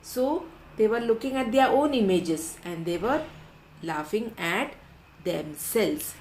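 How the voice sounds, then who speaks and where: A woman teaches a class of young students, speaking slowly and spelling out each answer twice. Her voice sits at a middle pitch and carries a roomy echo. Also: animated, darkish tone, a little hiss or hum. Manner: slow, repeats questions and answers for dictation. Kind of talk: online class lesson for children.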